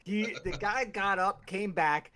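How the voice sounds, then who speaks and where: A man with a slightly high voice playfully teases a friend during podcast chat. A busy crowd murmur is heard clearly behind him. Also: slow pace. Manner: teasing, playful. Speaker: podcast co-host.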